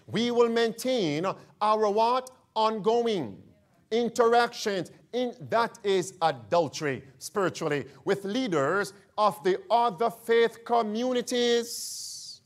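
A male preacher delivers a sermon with a high voice and a slow, deliberate pace. He keeps asking his listeners questions and answering them himself, and he calls them friends as he presses each point. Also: expressive. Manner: emphatic call-and-response questions.

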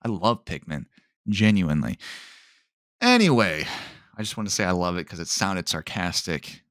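Male podcast host, low voice, dry close sound, rambling, sarcastic-sounding delivery. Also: big pitch swings, normal speed, fairly bright tone, dry recording. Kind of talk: rambling solo podcast talk.

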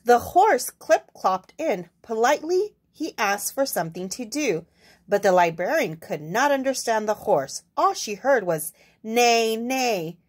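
A young woman reading a picture book aloud at an unhurried pace. Her voice is fairly high and swings widely in pitch as she tells the story. She pauses for asides to her listeners. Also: sing-song, breathy edge.

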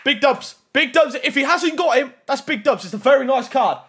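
A young man commentating on opening video game card packs, reacting loudly and excitedly to each card. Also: very high-pitched, normal speed. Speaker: gaming YouTuber.

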